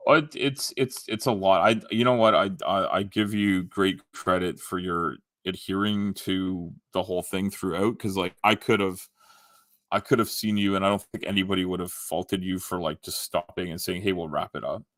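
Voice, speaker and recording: A man's voice: sits low, fairly even intonation, moderate pace, fairly bright tone, no echo, clean studio sound. A Canadian man hosting a casual livestream, reading comments aloud and rambling with many restarts and ums. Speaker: livestream host.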